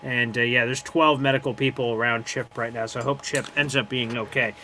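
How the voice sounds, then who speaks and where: A man's voice: mid-range voice, brisk, a little hiss or hum. A man co-hosting a live sports watch party, talking casually and jokingly, often swearing and acting out players' voices. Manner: animated, jokey, swearing, acts out players' voices. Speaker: co-host doing live play-by-play.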